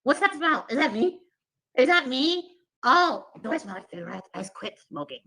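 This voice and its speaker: Woman doing a vulgar jealous shrew: bright, strident, high voice, all threats and insults. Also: sing-song, moderate pace, breathy edge, full character voice, rough recording. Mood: sneering. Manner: profane, screaming, mocking impression. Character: foul-mouthed jealous woman ranting, shrieking threats. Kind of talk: mocking impression on a livestream.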